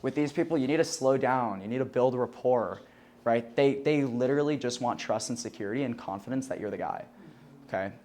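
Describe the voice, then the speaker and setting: A young man teaches a sales class before a live audience in a loose, chatty style, leaning on "like" and "right?", swearing casually and laughing at his own jokes. His voice is medium-pitched and darkish, and he talks a little fast.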